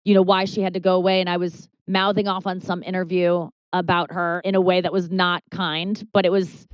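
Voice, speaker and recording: A woman's voice: brisk, smooth, no echo, rough recording. A woman comedian, a talk-show guest, telling a candid story with swearing and stammered restarts, her voice leaping up when she quotes people. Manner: animated, jumps high when quoting herself and others, swears, stammers.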